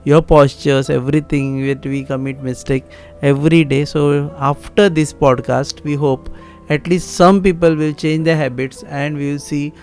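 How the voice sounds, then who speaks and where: A man's voice: fairly high pitch, fairly even intonation, darkish tone, faint music behind. A man with a Goan accent hosting a podcast, who thanks his guest and signs off the show, switching between Konkani and English. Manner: brisk, mixes Konkani and English. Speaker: podcast host. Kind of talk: interview hosting and channel sign-off.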